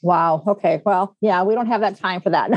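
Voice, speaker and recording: A woman's voice: mid-range voice, big pitch swings, unhurried, dry recording, dull audio. A woman from the Upper Midwest, a guest entrepreneur chatting in a friendly, easygoing way. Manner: friendly, easygoing, laughs often. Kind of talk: casual interview chat.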